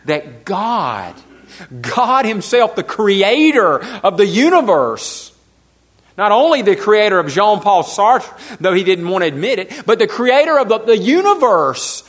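A man with a high voice preaches a sermon to his congregation. He repeats key phrases for emphasis, lets some lines drop soft and low, and puts questions to his listeners. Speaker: pastor.

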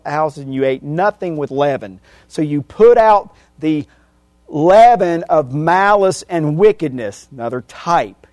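Male preacher, slightly high, dry close sound, emphatic peaks, hushed tails, reads verses one by one. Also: dry recording. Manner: wide swings from loud emphatic peaks to hushed, trailing endings; reads scripture verse by verse, repeating phrases for emphasis. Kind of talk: sermon.

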